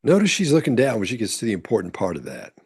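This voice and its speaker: A man's voice: lowish voice, huge pitch swings, fast, slightly rough. A man commenting on courtroom testimony as a body language analyst, explaining in an instructive way. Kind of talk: commentary over courtroom clips.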